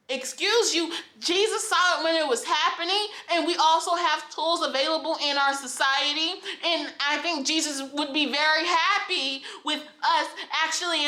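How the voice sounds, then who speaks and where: Impassioned high-voiced young woman vlogger. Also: pushed and bright. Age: 20s. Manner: impassioned and emphatic, repeats phrases for force. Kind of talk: emotional personal storytelling vlog. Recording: echoey room.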